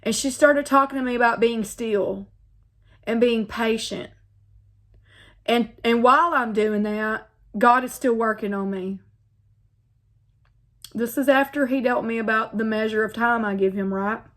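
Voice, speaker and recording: A woman's voice: fairly high pitch, a little slow, pauses often, a bit bright. Earnest woman sharing a heartfelt testimony. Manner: earnest, heartfelt, repeats phrases, addresses viewers directly. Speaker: faith vlogger. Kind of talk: personal testimony, casual.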